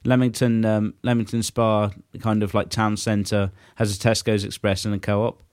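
A man's voice: fairly low pitch, level tone, normal speed, darkish tone, smooth. Rambling man telling a story. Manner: rambling anecdote full of fillers and swearing. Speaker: podcast co-host. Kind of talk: casual chat.

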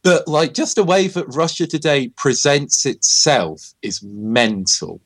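A man's voice: on the high side, a little slow. A man talking in a casual chat as a podcast co-host, rambling with lots of fillers and frequent laughs.

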